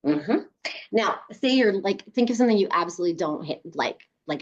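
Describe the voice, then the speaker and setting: A woman's voice: fairly low pitch, animated, fairly quick, muffled recording. A woman leading a group through a guided body exercise on a video call, coaching them and often laughing. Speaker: workshop leader.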